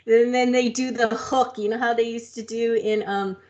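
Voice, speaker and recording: A woman's voice: on the high side, fairly even intonation, moderate pace, darkish tone, muffled recording. A woman co-hosting a podcast in casual chat, talkative, laughing easily and telling rambling stories. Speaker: podcast co-host.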